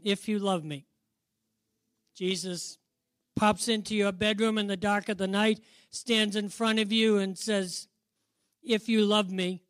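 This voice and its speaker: Middle-aged guy preaching, chatty, keeps asking the crowd stuff, kinda high voice, dry close sound. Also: fairly even intonation, a little slow, fairly bright tone, clean tone, dry recording. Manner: conversational, questions the audience, chuckles at own stories. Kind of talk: sermon.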